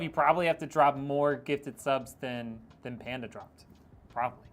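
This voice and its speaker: Building a PC on stream, a man with a medium-pitched voice talks at a normal speed. He reads out viewer comments and teases the audience jokingly, laughing frequently along the way.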